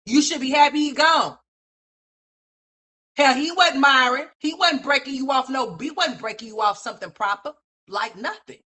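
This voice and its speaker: Brash, profane woman ranting bright. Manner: profane, brash, scolding, heavy slang; animated, swings between loud and low. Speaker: commentary livestream host. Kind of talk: ranting commentary.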